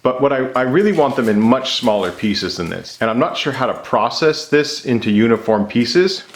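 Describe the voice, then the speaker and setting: A man, a resin maker, chatting casually and enthusiastically to camera, thinking out loud as he works in his home workshop. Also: mid-range voice, expressive, normal speed. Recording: echoey workshop with loud machine noise.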